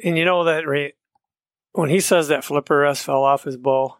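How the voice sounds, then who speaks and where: A man's voice: fairly high pitch, fairly even intonation, moderate pace, no room sound, clean studio sound. Earnest American man on a podcast. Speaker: podcast co-host. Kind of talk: casual chat.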